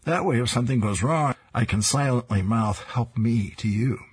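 A man's voice: medium pitch, moderate pace, husky. A man voicing a nervous office worker in a comic strip, explaining eagerly. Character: nervous office man planning double date.

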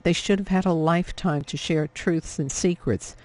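A man narrating an audiobook in a measured, emotive reading. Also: fairly high pitch, fairly even intonation, a little mellow, no echo. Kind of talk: scripted narration.

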